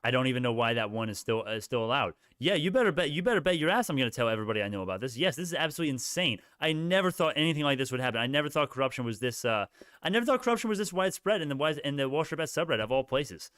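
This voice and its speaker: A man's voice: mid-range voice, animated, very fast, fairly bright tone, clean tone, no echo, clean studio sound. A young man hosting a casual stock livestream, ranting heatedly at his chat with many restarts.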